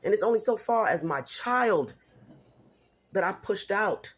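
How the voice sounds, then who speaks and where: Husky, heated middle-aged woman venting. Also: medium pitch, lively intonation, measured pace. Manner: emphatic, blunt and heated, repeats for stress. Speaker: single mother. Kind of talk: venting personal vlog.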